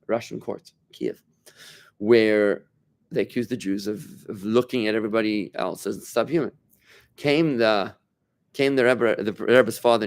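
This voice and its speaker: Rabbi guy teaching a small class, chatty, keeps asking the room stuff, restarts his sentences a lot. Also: fairly low pitch. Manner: conversational, asks the room questions, many restarts. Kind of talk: informal Torah class.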